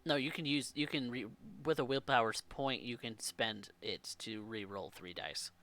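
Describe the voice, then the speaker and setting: Running a tabletop RPG as game master, this man narrates at a moderate pace in a medium-pitched voice. He's animated and often starts his phrases over.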